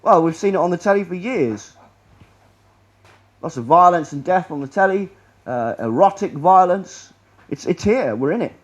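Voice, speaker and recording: A man's voice: sits high, animated, moderate pace, long pauses, muffled recording. A man giving a rambling, sarcastic presentation to an audience in a lecture room, often restarting his sentences. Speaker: public speaker.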